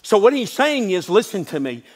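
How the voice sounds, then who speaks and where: A man's voice: high-pitched, sing-song, normal speed. A man pastor preaching a sermon, telling folksy stories and building to emphatic declarations. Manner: folksy asides, calls listeners "son".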